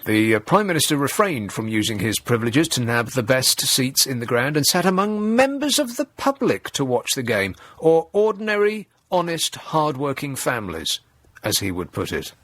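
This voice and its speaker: A man's voice: medium pitch, sing-song, moderate pace, fairly bright tone, dry recording. A man hosting a radio talk show, mocking and sarcastic in tone and chuckling at his own jokes. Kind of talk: sardonic talk radio monologue. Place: radio studio.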